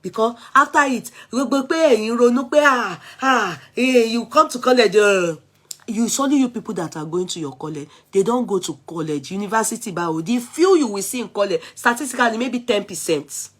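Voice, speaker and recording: A middle-aged woman with a Nigerian Yoruba accent hosts a vlog and takes calls, giving casual commentary as she switches between languages, animated and exclaiming. Her voice is a little high and fairly quick.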